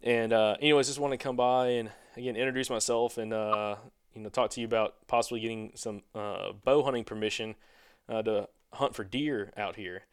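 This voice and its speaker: A man's voice: fairly low pitch, steady tone, brisk, smooth. A man on a hunting podcast telling a long casual story, rambling with many fillers and restarts. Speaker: podcast co-host.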